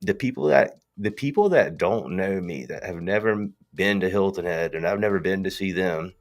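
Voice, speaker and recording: A man's voice: sits low, normal speed. A man with a thick Southern US accent, hosting a rambling, slangy casual talk. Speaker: host.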